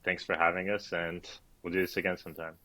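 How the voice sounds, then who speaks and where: A man speaks in a lowish voice with a sharp, bright edge. He is a referee guest in a relaxed interview, calm and reflective, often breaking into easy laughter. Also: fast talker, poor audio. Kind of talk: casual interview chat.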